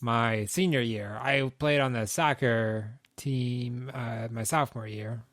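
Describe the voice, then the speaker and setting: A man in his forties co-hosting a casual podcast, answering jokes with deadpan agreement. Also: medium pitch, takes it slowly, no room sound. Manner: deadpan, plays along with jokes. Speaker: podcast co-host. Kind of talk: casual chat.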